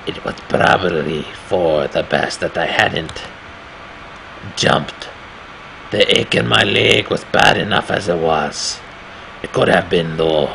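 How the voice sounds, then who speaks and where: A man putting on a strained, raspy voice to read a game's horror narration slowly and grimly. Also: deep voice, pushed and bright, a little hiss or hum, voice pushed down, full character voice, low-quality recording. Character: gravelly grown man narrating his own horror story.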